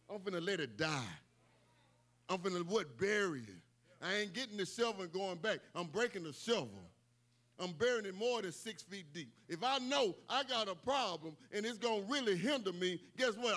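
Male preacher, high ringing voice, emphatic sermon delivery with casual humor. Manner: emphatic, repetitive call-outs, bursts of shouting.

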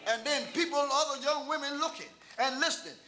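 An older man preaching a sermon as pastor, shouting and half-singing his phrases. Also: extremely high pitch, a little fast. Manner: chanting, shouting preacher cadence with sung phrases.

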